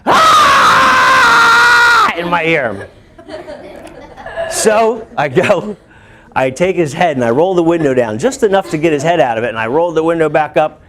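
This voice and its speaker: Animated man telling a story to a class. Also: fairly high pitch, moderate pace, crowd noise. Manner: animated, bursts into shouts and laughs while telling. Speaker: teacher.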